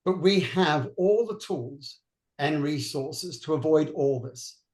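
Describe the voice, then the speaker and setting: A man with an Australian accent speaks as a guest on a panel. His voice sits a little high, and he explains with earnest energy, sometimes in quick bursts. The sound is roomy and echoey. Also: animated, darkish tone. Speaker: veterinary neurologist guest. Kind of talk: panel discussion answer.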